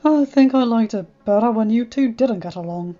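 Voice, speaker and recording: A woman's voice: a little high, lively intonation, moderate pace, mellow, lo-fi sound, natural voice. A woman doing a mild, weary sea god. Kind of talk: fan fiction read aloud.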